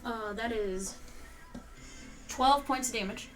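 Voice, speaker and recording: A woman's voice: fairly high pitch, slow pace, fairly bright tone, rough recording. Chatty woman player adding up dice. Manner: chatty, thinks aloud while adding dice. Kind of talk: casual tabletop game play. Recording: clear music behind voice. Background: music.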